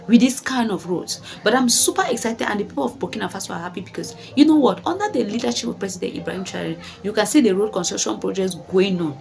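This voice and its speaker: A woman's voice: mid-range voice, lively intonation, quick pace, vocal fry, few pauses, darkish tone, soft background music. A woman vlogging commentary who talks emphatically, asks rhetorical questions, repeats her phrases and calls her viewers guys. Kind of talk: commentary vlog.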